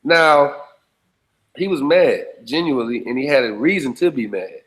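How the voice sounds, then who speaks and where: A man's voice: medium pitch, lively intonation, moderate pace, a bit bright, low-quality recording. A man speaking bluntly and emphatically in casual conversation, swearing freely and often checking that his listener follows him. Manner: blunt, profane, emphatic street talk; repeats checking phrases to the listener.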